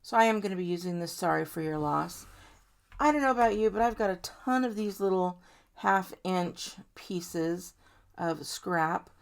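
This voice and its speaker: A woman's voice: on the low side, moderate pace, vocal fry. A woman hosting a card-making tutorial, chatting casually to viewers as she works step by step. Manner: chatty, warm-hearted, talks to viewers directly. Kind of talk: casual step-by-step crafting demo.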